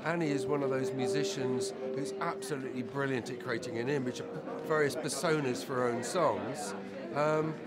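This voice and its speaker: A man photographer in a casual interview, talking fondly and chattily about his work. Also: fairly high pitch. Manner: fond, reminiscing, chatty. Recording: loud crowd chatter around.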